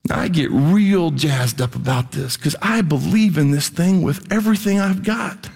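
High-voiced emphatic male pastor preaching. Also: animated, normal speed, gravelly, breathy edge. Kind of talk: sermon. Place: church hall. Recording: long hall reverb.

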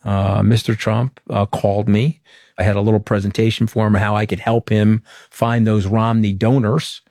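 A middle-aged man from Long Island, New York, recounting events as an interview guest in a frank, emphatic, anecdotal way. His voice sits fairly low. The sound is dry and close, with little room around it. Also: mellow, no room sound. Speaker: interview guest, former political communications director. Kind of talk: candid storytelling in an interview.

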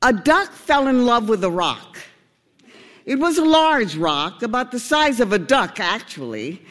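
A man narrating a storybook tale in a gentle, unhurried way. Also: sits high, big-room sound.

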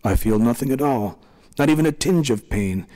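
A man's voice: mid-range voice, animated, normal speed, mellow, big-room sound, lightly acted. A man voicing a frightened young mother. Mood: pleading. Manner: pleading, anguished.

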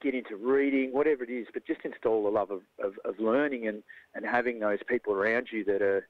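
An Australian man who coaches jiu-jitsu, talking in a lively, casual way and acting out the voices of people in his stories. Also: fairly low pitch, fast, dry recording, phone-quality sound. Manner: animated storyteller, acts out quoted voices. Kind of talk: casual conversation.

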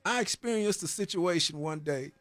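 A man with a high-pitched, expressive, fairly bright voice gives an earnest faith testimony about his time in prison at normal speed. He often tags phrases with "man," repeats words when stirred, and has a preacher-like cadence. The recording is dry, with faint music behind him.

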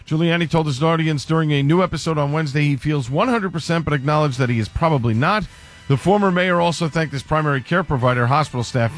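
A man reading local radio news in a brisk, even newsreader delivery. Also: on the high side. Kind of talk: scripted news read.

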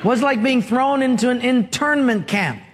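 A man's voice: extremely high pitch, normal speed, noisy background. A man preaching a sermon as pastor, telling stories with humor and acting out the voices in them. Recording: reverberant hall.

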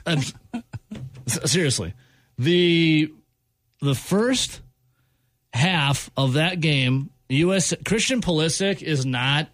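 A man's voice: on the high side, expressive, takes it slowly, pauses often, a bit bright, no room sound. A male sports talk host in an exasperated rant, hammering the same point over and over. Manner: exasperated, repeats points with emphasis.

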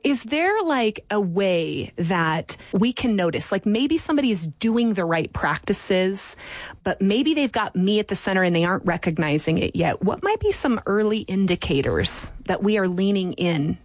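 A woman's voice: medium pitch, very animated, moderate pace, dry recording. A woman hosting an interview, asking reflective, probing follow-up questions. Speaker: podcast host. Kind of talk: interview conversation.

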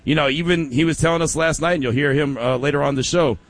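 A man hosting a sports talk radio show, energetic and speaking straight to listeners, often repeating his words. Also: a little high, fast, dry recording.

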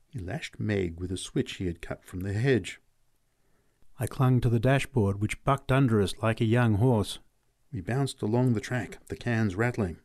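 A man narrates a story in a lowish voice. His telling is steady and reflective. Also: unhurried. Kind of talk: audiobook narration.

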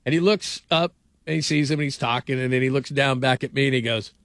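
A man's voice: mid-range voice, normal speed, pauses often, no room sound. A middle-aged man hosting a sports radio show, telling rambling stories in casual talk with lots of fillers. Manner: rambling storyteller, animated, frequent fillers.

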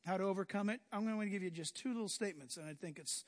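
Male preacher, animated sermon delivery, voice pitched very high, recorded with long hall reverb. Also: rapid-fire. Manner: animated, acts out biblical scenes in voices.

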